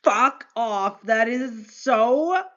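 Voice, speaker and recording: A woman streamer chatting casually on a livestream, gushing and animated, and she swears casually. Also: fairly high pitch, drawn-out words, lo-fi sound, background noise.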